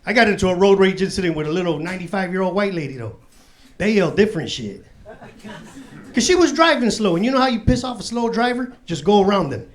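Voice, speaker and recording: A man's voice: high voice, very animated, fast talker. A man in his forties doing a stand-up comedy set on a club stage, with loose, profane street talk and laughter through his punchlines. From Chicago south side. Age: 40s. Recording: live club set with crowd noise. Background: audience laughter.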